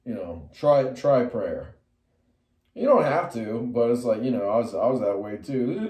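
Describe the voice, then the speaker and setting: An expressive middle-aged man, a metal musician and artist, recounts a long personal story to camera at a moderate pace, digressing loosely with restarts and fillers. His voice shoots up high and loud when he quotes himself. A distant mic gives the sound a roomy quality.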